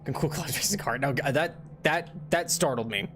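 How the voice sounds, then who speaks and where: A man's voice: on the high side, normal speed, fairly bright tone, a little hiss or hum. A young man streaming a video game, chatting casually and rambling with lots of restarts and laughs. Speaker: VTuber streamer. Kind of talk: casual gameplay commentary.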